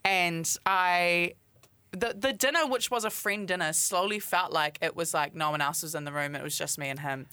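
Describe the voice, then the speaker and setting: A young woman tells a long dating story in a loose, chatty way, with plenty of "like" fillers. Her voice sits a little low but comes across bright and forceful. The sound is dry and close, with no room echo. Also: normal speed, clear, resonant tone. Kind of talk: casual chat.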